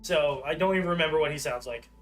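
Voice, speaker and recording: Speaking fast in a slightly high voice, a streamer in his thirties rambles casually through his livestream, poking fun at himself and leaning on fillers. Soft music runs in the background.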